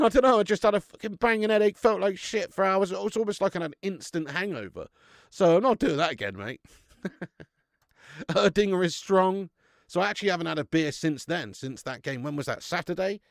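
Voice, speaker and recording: Gravelly, matey man. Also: a little high, dry recording, clean studio sound. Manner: chatty, matey banter with viewers, laughs often. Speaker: live stream host. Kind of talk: casual live-stream chat.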